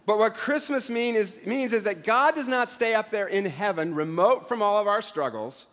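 A man's voice: high-pitched, moderate pace, fairly bright tone. A middle-aged man preaching a sermon in a conversational way, with self-deprecating humor and acted-out voices. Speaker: pastor. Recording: long hall reverb.

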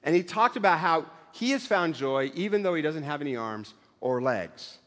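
Middle-aged male pastor, high voice, casual joking sermon, long hall echo. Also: animated, moderate pace, fairly bright tone. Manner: conversational, self-deprecating humor, acts out voices. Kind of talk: sermon with humorous asides.

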